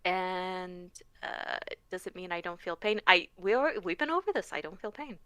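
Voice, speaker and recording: A woman's voice: lowish voice, measured pace, fairly bright tone, smooth, dry recording. A woman from Canada, English not her first language, chatting casually on a live stream, laughing and filling with ums. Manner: chatty and laughing, many fillers. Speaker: modding stream guest. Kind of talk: casual chat answering stream questions.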